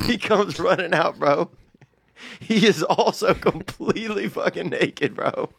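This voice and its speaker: A man's voice: sits high, a little slow, creaky, slightly rough, dry recording. A young man co-hosting a podcast, telling stories in a laid-back, profane way full of "bro" and "dude". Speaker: podcast co-host. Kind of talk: casual storytelling chat.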